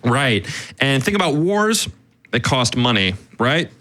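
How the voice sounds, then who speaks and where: A man co-hosting a casual history podcast, telling the story in an animated way with quick quoted asides and frequent "right?". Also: mid-range voice. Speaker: podcast co-host.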